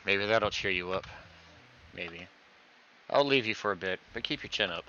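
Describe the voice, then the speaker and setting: Low voiced guy reading out a visual novel, bright edge, dull lo-fi audio. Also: normal speed. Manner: reads every character's lines himself, acting out stammers. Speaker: game player reading dialogue aloud. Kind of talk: voicing visual novel dialogue. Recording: dull lo-fi recording.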